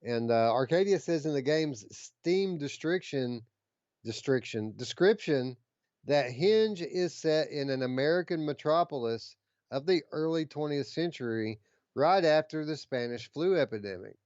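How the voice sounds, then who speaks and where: Smooth-voiced man hosting a gaming podcast. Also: a little high, animated, a little slow, darkish tone, no echo, lo-fi sound. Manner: eager, reads news out with many fillers. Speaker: podcast co-host. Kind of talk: casual chat about gaming news.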